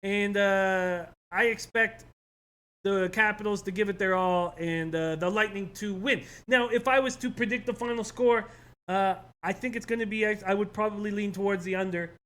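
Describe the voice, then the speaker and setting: A man's voice: high-pitched, fairly even intonation, normal speed, a bit bright. A man co-hosting a sports betting show, giving his picks in a casual, thinking-aloud way with fillers and repeats. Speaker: co-host, sports betting analyst.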